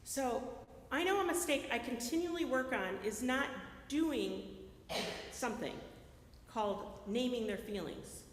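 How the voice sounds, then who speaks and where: Animated woman preaching in an echoey hall. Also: fairly high pitch, a little slow. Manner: animated, keeps checking in with the audience by asking "right?". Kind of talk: sermon. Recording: echoey hall with long reverb.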